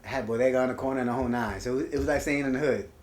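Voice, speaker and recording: A man's voice: medium pitch, very fast, echoey room. A man telling stories in an interview, laid-back and emphatic. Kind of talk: reflective storytelling.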